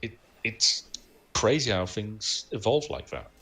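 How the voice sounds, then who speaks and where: Brief: male podcast co-host, lower pitch, bright forceful tone, trivia-minded. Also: sing-song, a little slow. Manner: knowledgeable, anecdotal, laughs often. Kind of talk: casual film chat.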